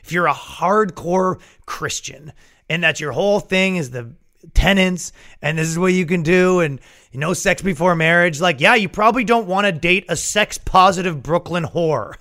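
A man hosting a podcast, riffing in a profane, animated comedic rant. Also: sits high, moderate pace. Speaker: podcast host.

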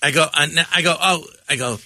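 A man, a comedian guest in a radio studio, telling stories casually and acting out quoted dialogue in soft put-on voices. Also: a little high, brisk, dry recording. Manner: acts out dialogue, slips into soft breathy character voices. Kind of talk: casual storytelling on a radio show.

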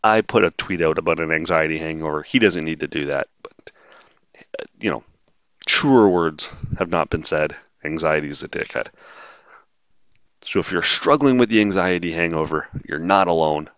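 A very deep-voiced man hosts a solo podcast, drifting from point to point with dry sarcasm and plenty of ums. The sound is dull and lo-fi, with a dead, dry room around him. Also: normal speed, a bit bright, no echo. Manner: rambling, wry and sarcastic, frequent filler words. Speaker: podcast host. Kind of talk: casual solo monologue.

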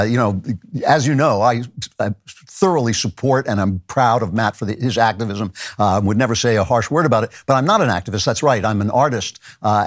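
A middle-aged man hosting his own show, delivering a satirical commentary monologue with dry, mock-serious jokes. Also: medium pitch. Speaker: show host.

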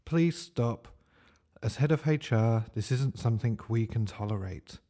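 A man's voice: mid-range voice, a little slow, mellow, lightly acted. A man voicing a stern female head of HR who speaks formally.

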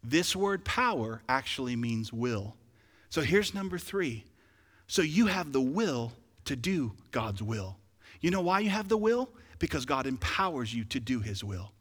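A man's voice: mid-range voice, sing-song, a little slow, fairly bright tone, in a large hall. A man preaching a sermon as pastor, building emphasis with rhetorical questions to his congregation. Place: church sanctuary.

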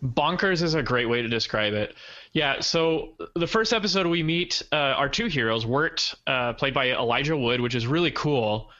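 A man's voice: mid-range voice, lively intonation, moderate pace, sharp tone, dull audio. A man hosting a podcast in casual chat, hedging with "I guess". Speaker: podcast host.

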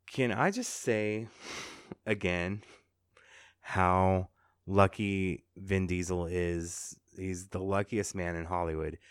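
Speaking in a low, clean-toned voice, this man hosts a podcast of casual pop-culture chat about entertainment news, adding sarcastic asides. The sound is clean studio quality with no echo.

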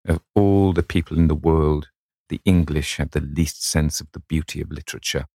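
A man reading the lines of a witty, languid young aristocratic gentleman in an audiobook of a classic novel. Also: a bass voice, steady tone, normal speed, no echo, clean studio sound.

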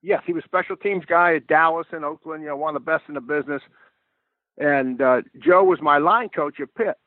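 An older man, a guest football coach on a podcast, tells football stories in a lively, stop-and-start way, often doubling his first words as he begins a thought. His voice is fairly high for a man and a little fast. The sound is dry, tinny and phone-like.

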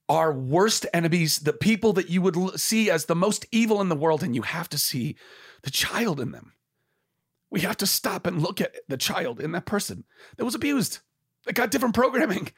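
Guy with a high voice getting worked up and earnest, swears a lot, goes quiet and whispery at times. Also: breathy edge. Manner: earnest and impassioned, swears freely, drops into whispers. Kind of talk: casual conversation.

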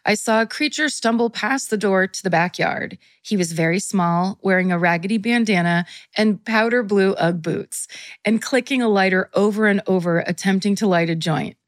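A woman's voice: mid-range voice, normal speed, dry recording. A woman co-hosting a podcast, reading a listener's story aloud in casual chat, breaking into frequent laughter. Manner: laughs often while reading, chatty and playful.

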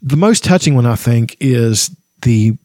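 A man's voice: medium pitch, lively intonation, measured pace, mellow, dry recording. A man casually talking about a book between read-aloud passages, rambling and hesitant with many "you knows". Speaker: book reader and reviewer.

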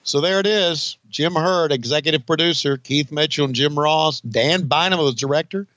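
An older man co-hosting a podcast, talking in a wry, profane, deadpan way about an old broadcast. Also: a little high, moderate pace, no room sound. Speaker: podcast co-host and former announcer. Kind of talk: casual podcast chat and mock commentary. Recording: dry, slightly dull podcast audio.

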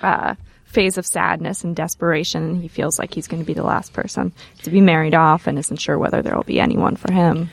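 Woman, podcast host, lower voice, creaky edge, conversational questions. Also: fairly even intonation, a little fast. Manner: conversational, asks long questions. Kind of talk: casual chat and interview.

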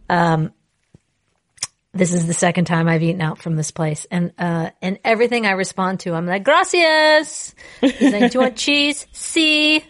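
A woman co-hosting a podcast, chatting casually and telling stories with lots of laughter. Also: on the low side. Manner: playful, laughing, animated storytelling. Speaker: podcast co-host. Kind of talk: casual chat.

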